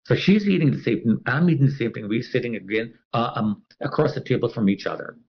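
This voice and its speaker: A man's voice: medium pitch, animated, fast talker, gravelly, muffled recording. A man telling a personal story as an interviewee. He talks animatedly and acts out the other people's voices.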